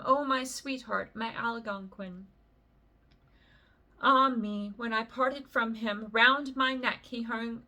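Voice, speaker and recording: A woman's voice: fairly high pitch, pushed and bright, heavily acted. Woman reading as a tender, lovesick maiden. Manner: tender, pensive, sad. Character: lovesick young maiden lamenting her sweetheart.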